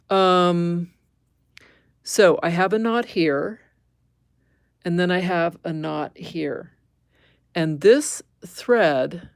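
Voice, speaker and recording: Slow, gravelly-voiced woman demonstrating stitches. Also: lowish voice, no room sound. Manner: thinks aloud, self-correcting, chatty asides to viewers. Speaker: embroidery teacher. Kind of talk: live-streamed stitching demonstration.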